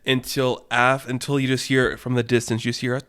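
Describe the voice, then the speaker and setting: Young man, podcast host, rambling comedic storytelling, middle pitch, dry close sound. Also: brisk, clear, resonant tone, no echo. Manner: rambling, animated, laughs at his own story.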